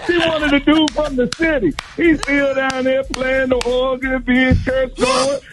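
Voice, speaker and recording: A middle-aged man with a strikingly high voice delivers a comic roast as a guest caller. He teases relentlessly and slips into theatrical, mock-exasperated complaints. A loud music bed plays behind him. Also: level tone, measured pace, poor audio. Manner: teasing, mock-exasperated ranting. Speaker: comedian calling in as guest. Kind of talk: comic roast on morning radio.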